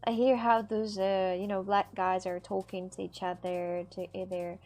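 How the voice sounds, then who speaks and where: A woman's voice: mid-range voice, little pitch movement, normal speed, a little mellow, faint music behind. A woman making clay crafts on a live stream, rambling and repeating herself as she talks to her viewers, with a lilt. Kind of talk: casual live-stream chat.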